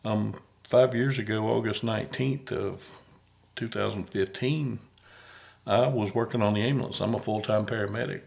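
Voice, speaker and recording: Man, middle-aged, podcast host, low voice, gravelly, folksy, self-deprecating. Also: steady tone, moderate pace, darkish tone. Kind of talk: casual interview chat.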